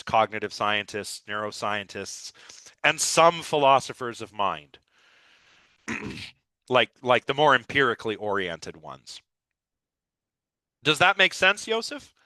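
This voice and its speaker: A man's voice: mid-range voice, pushed and bright, no echo. A man lecturing a live philosophy class with eager, rambling enthusiasm, his voice a little scratchy. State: slightly scratchy voice.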